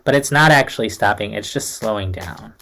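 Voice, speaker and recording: A man's voice: on the low side, expressive, fairly quick, gravelly, bright, forceful tone, a little hiss or hum. Chatty young man giving a tarot reading. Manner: chatty, reassuring, uses many fillers like "like" and "kind of". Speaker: tarot reader. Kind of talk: casual tarot reading to camera.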